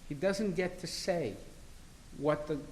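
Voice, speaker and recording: A man's voice: a little high, slow, a little hiss or hum, low-quality recording. A man, a criminal defence lawyer, talking in an interview in an assertive, argumentative and emphatic way. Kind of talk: interview conversation.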